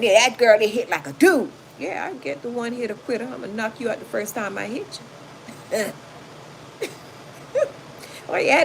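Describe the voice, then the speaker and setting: A woman hosting a livestream, reading chat comments and telling stories to her viewers in a loud, animated, casual way, calling them "y'all". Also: medium pitch. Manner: animated, loud, talks straight to the audience and calls them y'all. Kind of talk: casual storytelling to a livestream audience. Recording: noisy home livestream.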